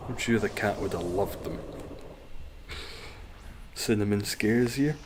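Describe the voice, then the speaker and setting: Man, live game streamer, chatty and sweary, lowish pitch, faint room hum. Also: slow. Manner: chatty, sweary, reacts to chat and gameplay.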